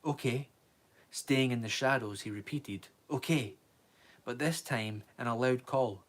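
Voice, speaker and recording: A man reading a novel aloud on a live stream, steady, with small slips he corrects. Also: medium pitch, normal speed.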